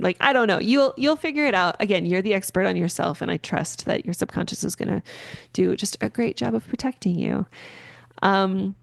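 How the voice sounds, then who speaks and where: Low, gravelly-voiced woman rambling casually. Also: dry recording, clean studio sound. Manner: rambling, filler-heavy, gently encouraging. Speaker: podcast host. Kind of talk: casual spoken explanation.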